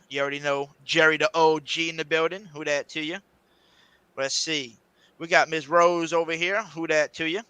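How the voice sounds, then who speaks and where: A man's voice: fairly high pitch, bright, forceful tone, clear, resonant tone, dry recording. A man hosting a live podcast, talking in a hyped, loose and joking way. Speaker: host.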